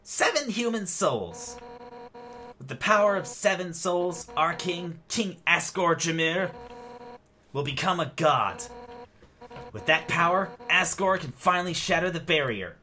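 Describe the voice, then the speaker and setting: A man's voice: fairly high pitch, expressive, a little slow, pushed and bright, slight background noise, voice pushed up. A man doing a menacing voice for a fierce armored fish warrior woman in a video game.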